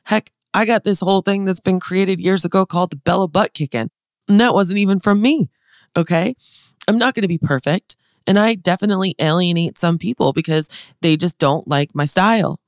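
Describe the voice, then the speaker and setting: A woman's voice: lowish voice, a little fast, no room sound, studio quality. Upbeat chatty woman podcast host. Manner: upbeat, chatty, direct address to listeners. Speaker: podcast host and business consultant. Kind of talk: motivational podcast monologue.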